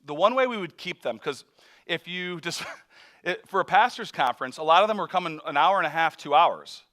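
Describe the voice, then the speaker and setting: Guy preaching and telling stories, acts out voices, laughs a lot, bright tone. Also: on the high side, brisk. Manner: animated storyteller, acts out voices, laughs often. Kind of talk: sermon storytelling.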